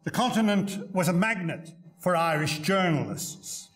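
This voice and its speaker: A man's voice: sits high, lively intonation, measured pace, fairly bright tone, soft background music. Older male professor giving a lecture. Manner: storytelling, dry humour, frequent "uh" and repeated words. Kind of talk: academic lecture with anecdotes. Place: lecture hall at a congress.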